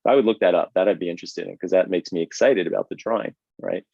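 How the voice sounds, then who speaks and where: Lively male drawing teacher, low voice. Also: quick pace, vocal fry, husky, no echo. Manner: energetic, conversational, checks in with "right?". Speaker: drawing instructor and host. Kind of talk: live online drawing lesson. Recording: dull, lo-fi, dry stream audio.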